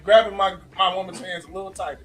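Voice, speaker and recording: A man's voice: sits high, level tone, quick pace, crowd noise. A man joking and laughing through a casual clip as he gets a hair system.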